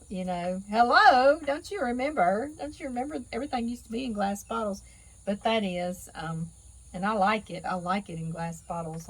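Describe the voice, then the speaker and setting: A woman's voice: on the low side, low-quality recording. A middle-aged woman with a Southern drawl, chatting casually to her viewers as a cooking channel host, folksy and talkative, calling them y'all. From Louisiana. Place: outdoor canning kitchen porch.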